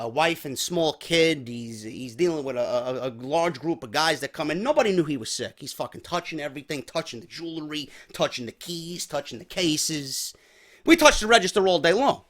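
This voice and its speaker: A New York man hosting a podcast speaks with a fairly high, bright, forceful voice. He tells a story as a profane, heated, exasperated rant.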